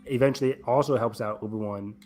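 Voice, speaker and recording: Casual, animated young man. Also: mid-range voice, fast talker, soft background music. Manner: casual and animated, swears freely. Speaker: podcast co-host. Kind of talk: casual fan review chat.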